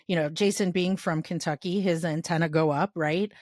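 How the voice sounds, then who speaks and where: A woman's voice: on the low side, steady tone, normal speed, a little mellow, no room sound, studio quality. A woman from Chicago co-hosting a podcast, asking curious, upbeat questions. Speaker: podcast co-host. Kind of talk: casual interview chat.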